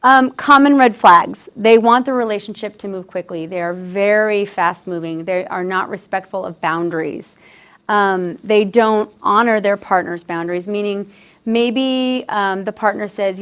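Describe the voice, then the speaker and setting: A woman's voice: mid-range voice, measured pace, fairly bright tone, smooth. A woman giving an educational talk to students about warning signs in relationships, speaking conversationally and often repeating or restarting phrases. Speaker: presenter on dating violence.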